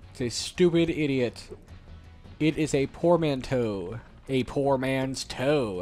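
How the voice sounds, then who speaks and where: Male gaming host, playful and silly, affected light British tone, unhurried delivery. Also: medium pitch, expressive, a little mellow, faint music behind. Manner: playful, joking, mock-posh slightly British affectation. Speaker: let's play host. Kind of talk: casual gameplay commentary.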